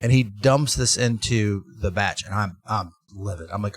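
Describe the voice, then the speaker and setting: A man who owns a brewery, talking in a casual interview and telling animated stories with lots of restarts. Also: fairly low pitch, normal speed, few pauses. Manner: animated storytelling with laughs and restarts. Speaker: brewery owner, guest.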